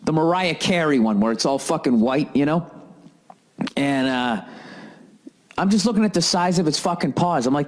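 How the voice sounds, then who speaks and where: A man ranting as a comedian and podcast host, telling a story in an animated, profanity-heavy way. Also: a little high, fairly quick.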